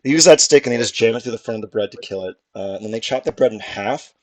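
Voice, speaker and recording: A man narrating as game master, improvising grotesque scenes with animated, laughing delivery. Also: medium pitch, quick pace.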